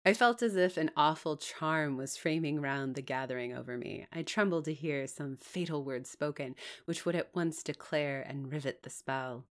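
A woman giving an expressive reading of a classic novel aloud, with emphatic pauses. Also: deep voice.

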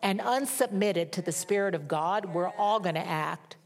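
Middle-aged woman preacher, slightly low-pitched, candid and self-mocking storyteller. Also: normal speed. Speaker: pastor. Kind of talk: sermon.

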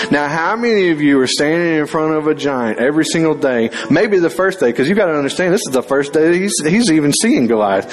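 A man's voice: on the high side, lively intonation, fairly quick, hardly any pauses, soft background music. A young man preaching a fervent sermon in church, on a stage mic. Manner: fervent, rising to loud dramatic scripture reading. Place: church sanctuary. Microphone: handheld or stage mic.

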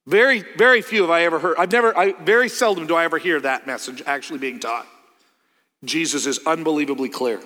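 A middle-aged man delivers a sermon from the pulpit in a fairly high voice. He is earnest, swinging from loud, emphatic peaks to quiet, low asides. His words ring out with a long reverb across the church sanctuary. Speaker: pastor.

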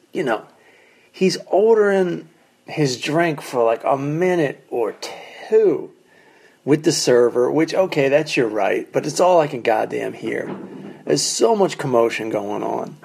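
A man's voice: medium pitch, gravelly. A man who is a stand-up comedian, telling a story as a casual solo monologue in a wry, profane way from a condo basement. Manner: animated, acts out quoted people in raised voices. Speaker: stand-up comedian, podcast host.

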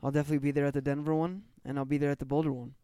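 Young male co-host, laid-back and foul-mouthed, slightly high pitch, dry close mic. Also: little pitch movement, rapid-fire, mellow, smooth, no room sound. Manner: swears freely, laid-back. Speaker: podcast co-host. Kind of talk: casual chat.

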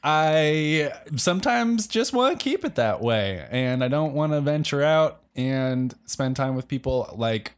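A male podcast co-host telling absurd comic stories in a deadpan way. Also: a little high, measured pace, few pauses, clean tone. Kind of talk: comedic podcast banter.

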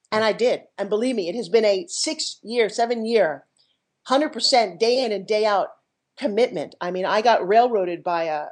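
Middle-aged woman on a podcast, super enthusiastic, telling her business story, high energy. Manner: energetic, enthusiastic, jumps into quoted voices. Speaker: podcast guest, TV pitchwoman and entrepreneur. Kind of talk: animated storytelling interview.

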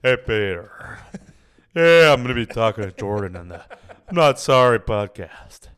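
A man doing an impression of a hearty, gruff male cartoon cop with a loud voice. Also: on the low side, big pitch swings, moderate pace.

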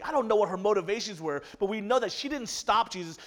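A male pastor preaching a sermon in an animated storytelling way, acting out the characters. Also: sits high, quick pace, hardly any pauses, in a large hall.

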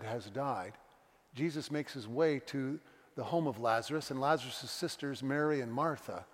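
A middle-aged pastor preaching a sermon, earnest and confessional, telling stories with voiced quotes. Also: male voice, a little high. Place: church sanctuary. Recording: long church reverb.

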